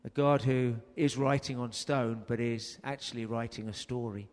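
A man preaches a sermon in a mid-range voice at normal speed, his intonation fairly even. He tells a story earnestly and raises his voice for emphasis, and the recording carries long hall reverb.

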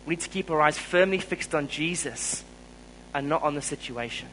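A man with a South African accent preaching a sermon, telling a personal story in an earnest way and growing louder when he stresses a point. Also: on the high side, moderate pace, a little hiss or hum, low-quality recording.

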